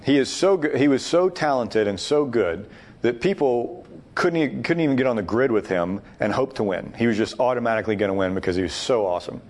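A man's voice: medium pitch, expressive, fairly quick, a little mellow. A man leading a Bible study discussion, talking emphatically and thinking aloud with frequent restarts. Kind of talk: teaching discussion.

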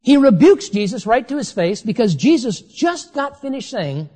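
Preacher, sermon delivery, emphatic, slows down to stress key words, big hall reverb. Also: mid-range voice, sing-song, dark tone.

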